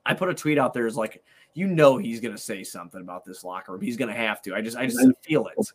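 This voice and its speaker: A man's voice: mid-range voice, fast talker. A man hosting a casual sports talk show, his voice sitting in an ordinary middle range. He sounds frustrated, swears freely and keeps circling back to the same point. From Italian heritage. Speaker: sports podcast host.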